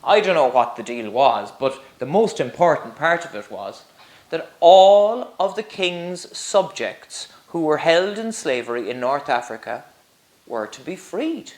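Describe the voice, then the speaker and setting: A man's voice: fairly high pitch, big pitch swings, unhurried. A man tells a story to schoolchildren in a playful way and asks them questions as he goes. His voice swoops up and down with great animation. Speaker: primary school teacher, storyteller. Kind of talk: storytelling for children.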